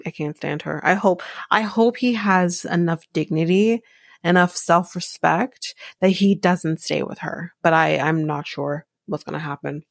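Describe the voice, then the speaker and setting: A woman's voice: on the low side, gravelly, dry recording, clean studio sound. A woman hosting a podcast, recapping a reality show in a blunt, profane, exasperated rant. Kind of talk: casual solo recap.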